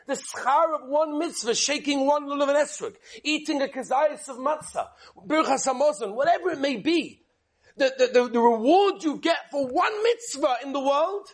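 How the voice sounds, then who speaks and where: High-voiced man giving an animated sermon. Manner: animated, emphatic storyteller. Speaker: rabbi. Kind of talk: sermon with storytelling.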